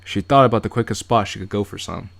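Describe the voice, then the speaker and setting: Man, game streamer, low-pitched, casual read-through, joking asides. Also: fast, gravelly, a bit bright. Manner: reads narration aloud and breaks off for joking asides. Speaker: streamer reading a game aloud.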